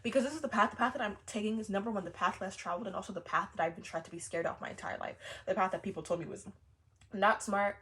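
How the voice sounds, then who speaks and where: A young woman talking in a casual vlog as a spiritual content creator, animated and repetitive, with swearing and laughing asides. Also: medium pitch, quick pace. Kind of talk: casual personal vlog monologue.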